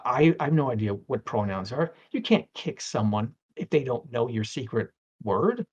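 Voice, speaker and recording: A middle-aged man talking casually as an interview guest, rambling through anecdotes with stammers and acted-out quotes. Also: medium pitch.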